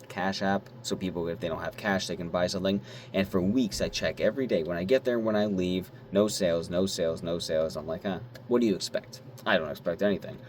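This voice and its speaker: A young man vlogging at his desk, telling a story in a rambling, animated way, swearing now and then and squealing when he acts out his excitement. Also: low voice, slight background noise. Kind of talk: casual talk to camera.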